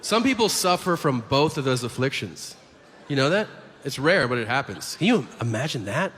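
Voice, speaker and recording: A man performing a crude, animated stand-up routine on stage, acting out the people in his stories. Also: mid-range voice, normal speed. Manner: animated, crude storytelling with acted-out quotes. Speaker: stand-up comedian. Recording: reverberant hall with ambient noise.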